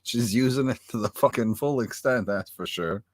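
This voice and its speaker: A man co-hosting an online review show, telling stories in an animated, heavily profane way over a video call. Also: medium pitch, normal speed, no room sound, studio quality. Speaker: podcast co-host. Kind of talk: casual review chat.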